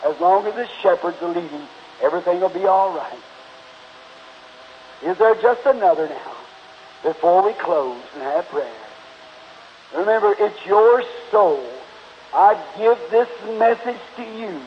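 A man's voice: sits high, a little slow, long pauses. A man preaching an altar call and closing in prayer, pleading fervently with the congregation at a church meeting. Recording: dull lo-fi 1950s tape, faint hiss.

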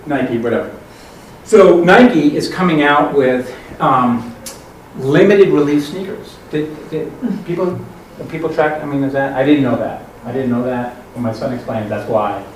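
In an echoey conference hall, picked up by a distant mic with slight background noise, a middle-aged panelist tells a meandering tale. His medium-pitched voice moves a little slowly, with frequent restarts and bits of quoted dialogue.

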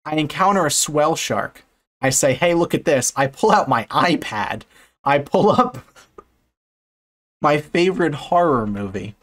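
Sarcastic, swearing reaction host. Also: male voice, fairly high pitch, expressive, takes it slowly, long pauses, a bit bright. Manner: sarcastic, profane, amused. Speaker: fish biologist reacting to a video. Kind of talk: casual reaction commentary.

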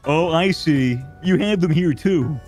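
A man's voice: on the high side, a little slow, darkish tone, soft background music. A man from the United States role-playing a police officer in a game, blustering and swearing. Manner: blustering, profane cop bravado. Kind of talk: game role-play banter.

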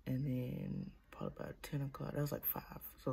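A woman's voice: extremely low pitch, huge pitch swings, brisk, gravelly, dark tone. A young woman chatting casually in a vlog, talking through a sore mouth from new braces and dropping at times into whispers. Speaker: vlogger. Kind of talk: casual vlog chat to camera.

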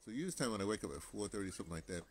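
Deep-voiced American man rambling casually. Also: animated, rapid-fire, slight background noise. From United States. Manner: chatty, digressive, many restarts and asides. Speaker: vlogger.

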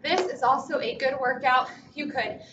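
A high-pitched woman coaching a workout class, full of upbeat cues and countdowns as she pushes through the moves herself. She sounds a bit out of breath. Her voice comes from across a big echoey gym, dull and muffled, with steady noise behind it. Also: normal speed. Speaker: fitness instructor. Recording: echoey, distant, dull, noisy.

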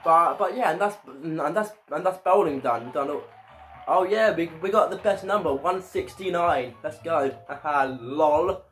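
A man's voice: fairly high pitch, moderate pace, a bit bright, soft background music. A man giving casual let's-play commentary as a gaming YouTuber, often stumbling and repeating his words.

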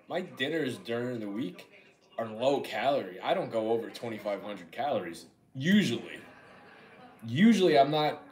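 A young man with a New York accent talks casually on a livestream. He rambles, restarts his sentences and jokes with his viewers. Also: medium pitch. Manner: rambling, joking, repeats words. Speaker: livestream eating host. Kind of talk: casual chat reading viewer comments.

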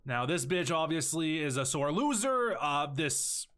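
A man's voice: on the high side, very animated, measured pace, a bit bright. A young man giving crude, joking commentary while playing a video game. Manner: crude, joking, profane banter. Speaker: let's play streamer. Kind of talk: casual gameplay commentary.

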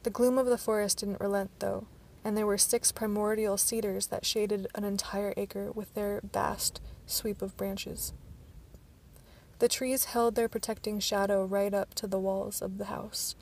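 Woman with a gravelly, flat reading voice. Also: mid-range voice, unhurried, slight background noise. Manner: stumbling, with restarts. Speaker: audiobook narrator. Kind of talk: amateur audiobook reading.

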